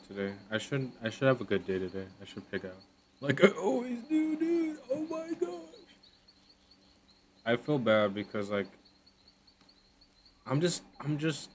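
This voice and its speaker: A man's voice: fairly low pitch, a little hiss or hum. A young man chatting casually on a livestream, thanking viewers again and again and running himself down, easily flustered.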